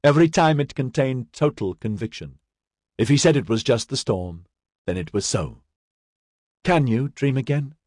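Guy reading a story out loud, husky low voice that moves around a lot. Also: very animated, moderate pace, no echo, studio quality. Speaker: audiobook narrator. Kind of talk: scripted narration.

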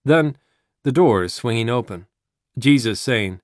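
A man reading a dramatic story aloud in a measured narrating voice. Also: medium pitch, expressive, dry recording, clean studio sound.

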